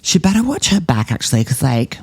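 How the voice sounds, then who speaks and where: A man's voice: on the high side, sing-song, brisk, creaky, a little mellow, husky, dry recording, studio quality, exaggerated voice. A man playing a spoiled, self-obsessed teenage girl influencer with an Australian accent, chattering with whiny valley-girl fillers in a comedy podcast. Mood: furious. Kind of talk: comedy podcast monologue in character.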